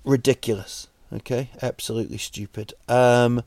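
A man hosting a podcast, delivering a rambling, wry comic monologue full of halting restarts. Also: mid-range voice, fairly even intonation, a little mellow, no echo. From New Zealand. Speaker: podcast host.

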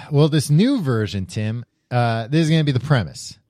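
Lively, rambling male podcast co-host. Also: medium pitch, moderate pace, no echo, studio quality. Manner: rambling, with many fillers. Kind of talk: casual chat.

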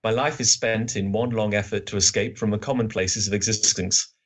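A man voicing a bored, languid Victorian male detective, a little husky. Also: on the low side, fairly even intonation, brisk. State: slightly husky.

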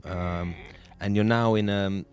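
A man's voice: fairly low pitch, steady tone, slow pace, faint music behind. A man hosting and narrating an improvised tabletop game as game master, loose and full of ums and restarts. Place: podcast studio.

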